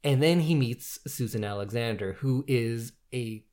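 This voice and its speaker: A man in a casual film discussion, talking in an animated way and thinking aloud. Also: mid-range voice, a little slow.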